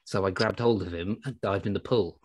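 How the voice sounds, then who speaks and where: A British man hosting a podcast, telling anecdotes in an animated, jokey way. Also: deep voice, a little fast, slightly rough. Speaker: podcast host. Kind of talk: casual storytelling chat.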